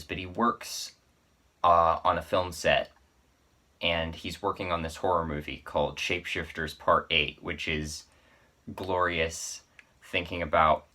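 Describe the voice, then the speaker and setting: A man's voice: sits low, sharp tone. A man reviewing a horror film in a casual, rambling way, with offhand asides and self-corrections. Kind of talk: casual spoken movie review.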